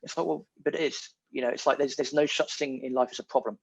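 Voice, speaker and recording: A man, a podcast guest talking in a casual, animated and emphatic way, repeating his key words. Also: mid-range voice, fast, vocal fry, slightly rough. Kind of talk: casual conversation. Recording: muffled lo-fi audio.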